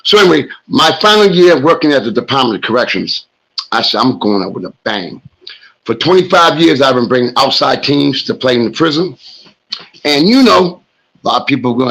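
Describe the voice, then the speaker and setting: Middle-aged New man, hoarse and gravelly, rambling sports host monologue. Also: mid-range voice, expressive, a little fast, a bit bright, low-quality recording. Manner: rambling storyteller, talks smack. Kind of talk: casual monologue.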